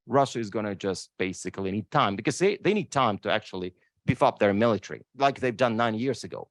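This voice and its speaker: Male panelist, animated delivery, dry close sound, emphatic and emotional. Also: on the low side, fast talker, dry recording. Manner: emphatic, repeats "right?" often. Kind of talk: impassioned panel talk. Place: lecture room.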